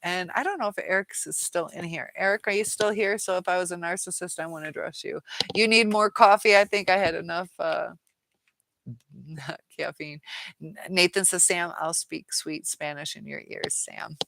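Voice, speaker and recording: A woman hosting a casual live chat, reading out viewer comments, chatty and quick to laugh. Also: on the low side, steady tone, creaky, a bit bright.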